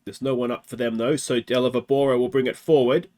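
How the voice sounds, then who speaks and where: A man's voice: mid-range voice, fairly even intonation, quick pace, a little mellow. An Australian man hosting a let's play, chatting through a football management game and asking himself rhetorical questions. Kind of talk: game commentary.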